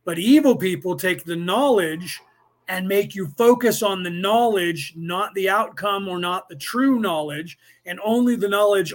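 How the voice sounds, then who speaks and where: High-voiced man lecturing, rambling. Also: measured pace. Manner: rambling, repeats himself, many fillers and restarts. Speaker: podcast host leading a study class. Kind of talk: lecturing study-group talk.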